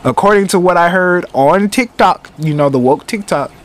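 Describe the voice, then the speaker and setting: A man's voice: high voice, normal speed. A young man co-hosting a podcast in casual chat, laid-back and teasing, explaining his points patiently. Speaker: podcast co-host.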